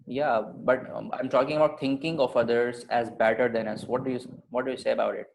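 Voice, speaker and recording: A man's voice: mid-range voice, fairly even intonation, brisk, vocal fry, rough recording. Patient male teacher, many okays. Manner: patient, explaining with many fillers and repeated okays. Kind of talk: online class lesson.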